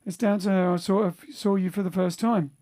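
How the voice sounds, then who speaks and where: Speaking from home during lockdown, a man hosts a livestream for his band, chatting loosely and reading viewer comments aloud. His voice is high and mellow, steady in tone and fairly quick. He rambles, full of fillers and restarts.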